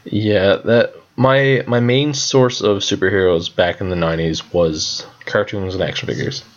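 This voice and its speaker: A man's voice: low voice, unhurried. A young man co-hosting a podcast in casual chat, swearing often and laughing a lot. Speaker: podcast co-host. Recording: dull lo-fi sound.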